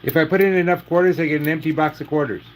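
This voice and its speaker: A man hosting a casual livestream, joking in a dry, deadpan way and saying he is losing his voice. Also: fairly high pitch, very fast, slight background noise, low-quality recording. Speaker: livestream host.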